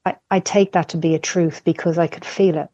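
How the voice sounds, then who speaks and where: A woman's voice: fairly low pitch, fairly even intonation, a little fast, dark tone, no echo. A middle-aged woman, a podcast guest, talking candidly in casual conversation, telling personal stories and swearing freely. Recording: dull lo-fi podcast audio.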